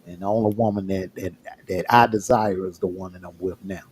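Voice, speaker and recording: A man's voice: sits low, steady tone, brisk, a little mellow, slight background noise. A man frankly telling his own relationship story on a livestream, often repeating words as he gathers his thoughts. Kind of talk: casual personal storytelling.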